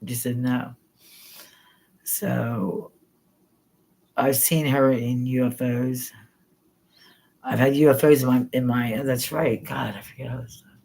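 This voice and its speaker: A middle-aged woman hosting a live stream, telling stories in a rambling, spontaneous way, excitable and quick to swear. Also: very deep voice, gravelly, breathy edge. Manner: excitable, swears freely, jumps between thoughts. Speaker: paranormal livestream host.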